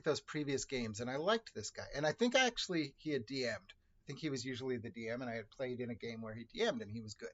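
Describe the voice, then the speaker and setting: A man's voice: mid-range voice, pushed and bright, dull audio. A man telling personal stories in a casual vlog, rambling and often correcting himself as he goes. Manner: rambling, self-correcting, conversational.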